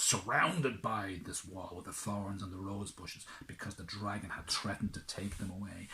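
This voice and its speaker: A man tells a children's tale in a low, hushed voice. He builds drama by dropping into whispers and then rising for the big moments. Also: slight background noise, poor audio. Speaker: storyteller. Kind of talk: children's storytelling.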